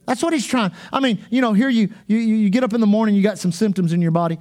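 A male pastor preaching a fervent sermon, driving points home with repetition and bursts of shouting. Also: sits high, fast talker.

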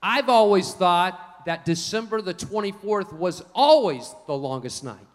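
A man preaching a sermon, telling folksy stories in an animated way. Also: high voice, measured pace, long reverb tail. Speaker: pastor.

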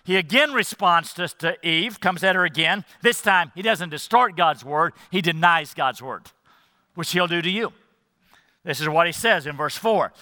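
A man's voice: fairly high pitch, lively intonation, moderate pace, sharp tone, dry recording, big-room sound. A male pastor preaching a sermon emphatically, appealing directly to the congregation.

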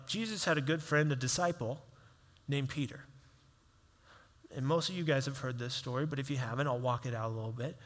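A man's voice: medium pitch, big-room sound. A male pastor preaching a sermon in a conversational style, acting out quoted voices as he tells a story.

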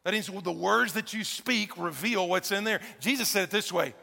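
A male pastor speaks at normal speed in a high, bright voice with a gravelly edge, keeping his sermon conversational. He asks the congregation question after question, and a long reverb hangs on every phrase in the church.

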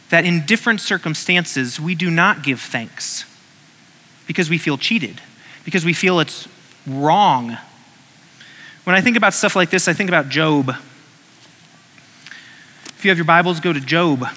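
Bright-voiced man preaching in a hall. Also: a little high. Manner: conversational preaching, acts out prayers and voices. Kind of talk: sermon.

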